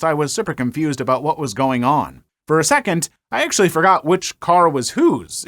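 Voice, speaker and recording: A man narrating online stories in a wry, conversational way with an animated delivery. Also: fairly high pitch, no room sound, studio quality. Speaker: story narrator.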